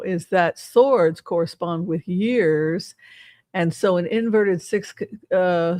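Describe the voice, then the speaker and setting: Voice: medium pitch, dry recording. Older tarot reader, rambling and sarcastic. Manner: rambling, sarcastic, swears freely. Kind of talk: casual tarot reading chat.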